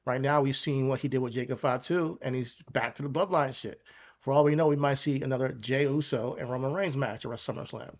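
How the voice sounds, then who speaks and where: Laid-back podcast host, mid-pitched man. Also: lo-fi sound. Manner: laid-back, measured, hedging with "for sure". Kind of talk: casual chat.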